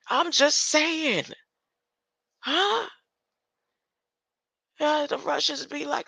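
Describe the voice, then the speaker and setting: Slow, gravelly woman musing aloud. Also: sits high, bright, forceful tone, no echo, poor audio. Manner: tags lines with a questioning "huh?"; laughs between thoughts. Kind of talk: rambling spiritual monologue.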